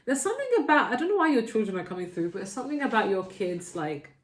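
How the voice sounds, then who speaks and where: A woman's voice: on the high side, very animated, fast talker, reverberant. A woman from the UK giving a casual tarot reading, chatty and reassuring, often ending phrases with "okay?". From United Kingdom. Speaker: tarot reader.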